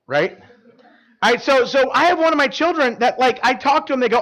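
High-voiced pastor, chatty and questioning. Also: male voice, very animated, fairly quick, a bit bright. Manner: chatty, filler-heavy, quizzes the congregation. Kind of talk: conversational sermon. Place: church service before a live congregation.

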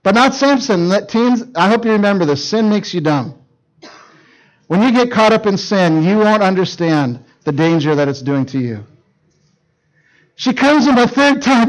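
A man preaching to teenagers, telling a Bible story in a jokey, animated way and acting out the characters in quick voices. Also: high-pitched, low-quality recording. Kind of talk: youth sermon storytelling.

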